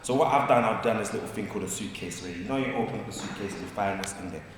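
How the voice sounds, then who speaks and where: A man speaking at a community forum, telling stories in lively slang and often asking if people follow him. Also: fairly low pitch, very fast, noisy background. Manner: lively, storytelling, slangy, asks "you get me?". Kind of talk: animated community discussion. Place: large community hall. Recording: echoey hall, distant mic.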